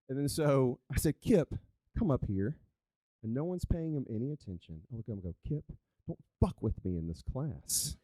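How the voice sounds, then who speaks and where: A man telling a live story on stage as a coach, animated and conversational. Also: mid-range voice, no room sound. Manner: animated, conversational, chatty with "like" fillers. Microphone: handheld microphone.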